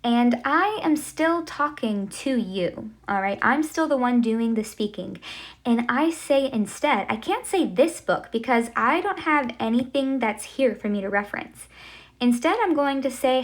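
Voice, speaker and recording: Slow-speaking upbeat woman teacher. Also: fairly high pitch, expressive. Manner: upbeat, checks in with frequent "okay?" and "right?". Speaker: Spanish teacher. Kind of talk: classroom lesson at a whiteboard.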